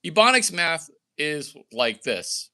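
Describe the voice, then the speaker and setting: A man's voice: very animated, slow, pushed and bright. A man giving a brash, rambling monologue about deals and money, jumping between mock voices and his own. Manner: brash, provocative, jumps between wild pitch swings and mock voices. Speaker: entrepreneur vlogger.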